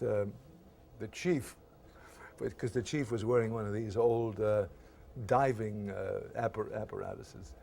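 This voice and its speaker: Old guy in his 80s telling showbiz stories, lots of uhs and restarts, mid-pitched voice, faint hiss behind. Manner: animated storyteller, acts out quoted voices; halting, many fillers and restarts. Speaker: actor interviewed about a past TV series. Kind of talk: reminiscing interview anecdotes.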